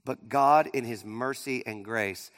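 A male pastor preaching a sermon, swinging between loud emphasis and near-quiet asides. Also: mid-range voice, unhurried. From Pittsburgh area. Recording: long hall reverb.

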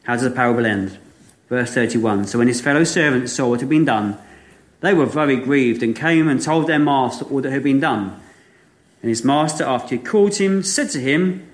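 A man preaching a sermon, retelling a parable with vivid, animated storytelling and frequent rhetorical questions. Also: mid-range voice, normal speed. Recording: echoey room.

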